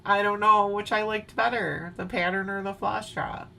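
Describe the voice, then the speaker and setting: At home in the evening, a woman from Wisconsin walks through her cross-stitch work in a chatty, playful show-and-tell, breaking into bits of song now and then. She has an Upper Midwest American accent and a medium-pitched, steady voice with vocal fry, pushed and bright, at a normal speed.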